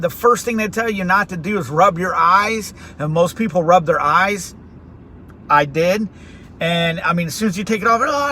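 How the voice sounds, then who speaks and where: A middle-aged man hosting a vlog from his car, telling a story in a casual, animated way. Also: sits high, slight background noise. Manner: animated, acts out quoted voices. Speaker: vlog host. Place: inside a car.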